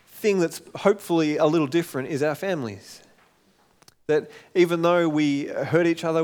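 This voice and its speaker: A middle-aged man, preaching a sermon in a conversational way and acting out the quotes. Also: on the high side. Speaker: pastor.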